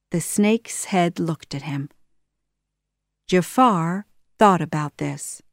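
A woman reading a children's story aloud, slow and deliberate. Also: lowish voice, no echo, studio quality. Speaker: storybook narrator.

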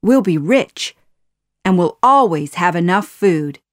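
A poor, kind-hearted young street thief, gentle and earnest, as a woman reads him aloud. The voice sits low and moves very slowly. The sound is dry and close. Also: lively intonation, no room sound.

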